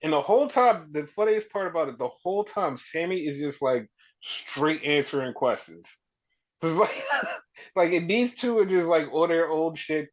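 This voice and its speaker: A man with a fairly high voice talks in a loose, animated way. He swears freely and jumps up in pitch whenever he acts out what someone said. The recording sounds dull and lo-fi. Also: normal speed. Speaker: podcast co-host. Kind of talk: casual wrestling chat.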